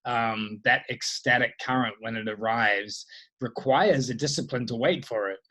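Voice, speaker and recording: Bright-voiced man in reflective talk. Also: medium pitch, normal speed, rough recording. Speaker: host. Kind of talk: reflective spiritual conversation.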